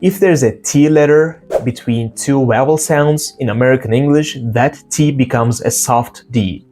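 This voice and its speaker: A man's voice: medium pitch, darkish tone, faint music behind. Man teaching pronunciation, repeating words. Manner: demonstrates sounds by repeating words slowly. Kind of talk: casual explanatory lesson.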